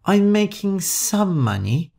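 A timid young woman from a storybook, high-pitched and nervous, her voice bouncing up and down. A man acts her out. She speaks slowly and meekly. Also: very animated, gravelly, warm tone, exaggerated voice.

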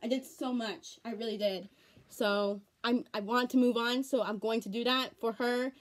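She's a teenage vlogger with a fairly high, steady voice and a moderate pace, chatting casually in a home video. Her earnest rambling loops back on itself, and she sounds tearful, almost crying.

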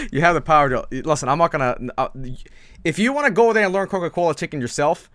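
A man rambles through a casual stream, tripping over his words and laughing as he goes. His pitch jumps up and down a lot. The sound is dry and close, with no room echo. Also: sing-song, normal speed, a bit bright. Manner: rambling, stammering, laughing often. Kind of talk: casual live-stream chat.

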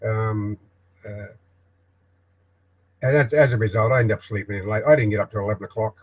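A man's voice: lowish voice, low-quality recording. Older Australian man rambling hesitantly. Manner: hesitant, halting, many ums and restarts. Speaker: live stream host. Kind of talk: rambling live broadcast monologue. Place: backyard shed office.

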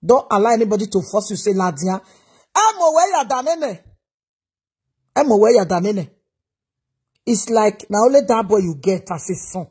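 A woman's voice: mid-range voice, fairly quick, warm tone, husky. A Nigerian woman giving a reaction vlog, lecturing in a preachy way and repeating her advice over and over. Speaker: commentator.

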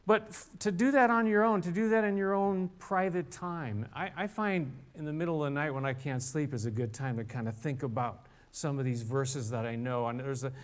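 An older man preaching a relaxed sermon in a church, conversational and halting, often restarting his sentences. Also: a little high. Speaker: pastor. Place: church sanctuary.

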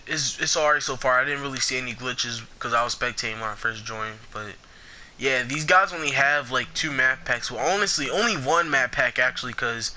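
A young man giving casual gameplay commentary, excitable and foul-mouthed, trash-talking the players he fights. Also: medium pitch. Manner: excitable, swears a lot, trash-talks opponents.

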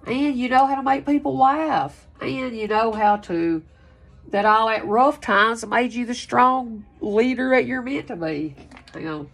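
A woman giving a casual, loose spoken tarot reading, chatty, breaking into whoops and laughs. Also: medium pitch. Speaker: tarot reader.

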